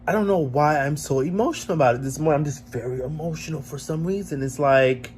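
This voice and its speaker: A man's voice: a little high, fast, a little mellow. A man with a slightly raised voice talks through his feelings on his own vlog, just woken and emotionally heavy. He rambles and leans on "like" as he thinks aloud. A faint hiss sits under the recording. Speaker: vlogger host. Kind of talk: casual reflective vlog.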